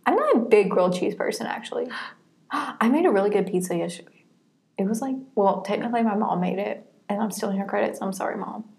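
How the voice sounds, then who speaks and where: A young woman co-hosting a podcast, chatting in a relaxed way and laughing often. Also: mid-range voice, brisk, vocal fry. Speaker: podcast co-host. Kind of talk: casual chat.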